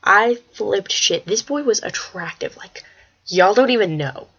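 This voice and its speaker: Teenage girl, casual vlogger, excitable and rambling; dull webcam mic. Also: medium pitch, measured pace, husky. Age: teens. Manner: excitable, rambling, swears when worked up. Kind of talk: casual vlog chat. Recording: slightly dull lo-fi webcam audio.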